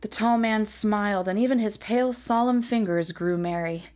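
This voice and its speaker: A woman reading a fantasy novel aloud in a measured, expressive storytelling manner. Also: medium pitch. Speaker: reader.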